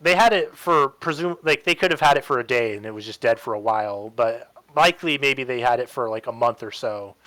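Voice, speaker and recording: A man's voice: medium pitch, fairly quick, few pauses, sharp tone, poor audio. A young man hosting a casual stream chat, ranting bluntly with plenty of swearing. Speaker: stream host.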